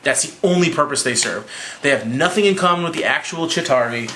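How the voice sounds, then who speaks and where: A man's voice: a little fast, a little hiss or hum. A slightly drunk young man casually recapping a movie, swearing freely and acting out lines in a raised voice. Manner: profane, excitable, acts out quotes in a higher voice. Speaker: movie reviewer.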